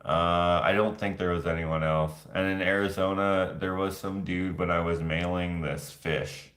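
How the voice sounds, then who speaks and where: Man, vlogger, very low voice, echoey room, rambling, jokey. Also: fairly even intonation, measured pace, fairly bright tone. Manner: rambling, jokey, laughs easily. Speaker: vlogger answering viewer questions. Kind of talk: casual chat.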